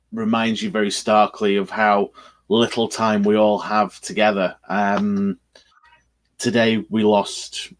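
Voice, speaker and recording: Low-voiced male co-host, halting and hesitant, casual podcast talk. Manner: halting, with many fillers.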